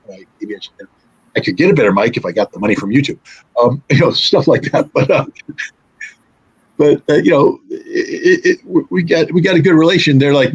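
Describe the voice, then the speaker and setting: Husky-voiced man rambling through a story. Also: mid-range voice, animated, fairly quick, poor audio. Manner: rambling storyteller who acts out quoted dialogue. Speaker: guest. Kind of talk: casual conversational interview.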